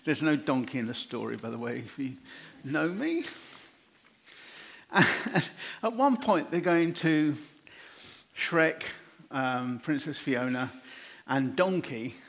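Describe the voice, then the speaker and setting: A man preaching an informal, chatty sermon, animated and quick to laugh. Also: medium pitch.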